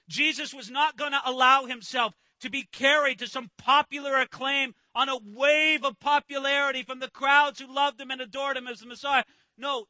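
Animated high-voiced preacher. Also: male voice, no room sound. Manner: animated, acts out disciples' voices, restarts. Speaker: pastor. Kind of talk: sermon.

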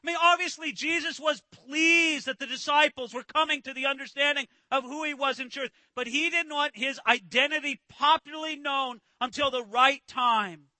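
Animated high-voiced preacher. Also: male voice, moderate pace, hardly any pauses, no echo. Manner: animated, acts out disciples' voices, restarts. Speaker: pastor. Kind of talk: sermon.

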